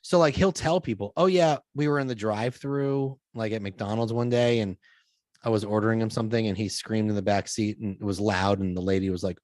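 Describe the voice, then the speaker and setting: Middle-aged guy chatting on a podcast, animated, acts out quotes, dry close sound. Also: on the low side, brisk, dry recording. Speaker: podcast host being interviewed. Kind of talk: casual conversation.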